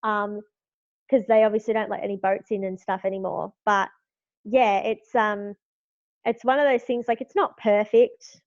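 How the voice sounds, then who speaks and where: A woman's voice: mid-range voice, fairly even intonation, normal speed, dry recording, muffled recording. A young Australian woman talking frankly as a podcast guest, with many fillers. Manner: chatty, lots of fillers, frank. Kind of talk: casual political chat.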